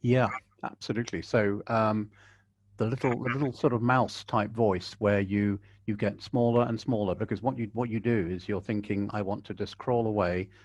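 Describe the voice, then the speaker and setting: A man who works as a broadcaster, a guest on a video-call webinar, chatting animatedly and sometimes slipping into a lively on-air voice to make a point. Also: lowish voice, moderate pace, no echo. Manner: animated, jumps into exaggerated broadcast voice when demonstrating. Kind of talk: casual conversational interview.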